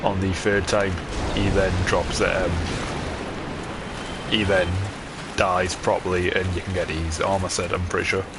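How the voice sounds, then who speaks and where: A man talks his way through a video game in casual, rambling commentary, dropping ums and mild swearing as he goes. His voice sits fairly low. A steady noise runs under the recording. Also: a little slow. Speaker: gamer.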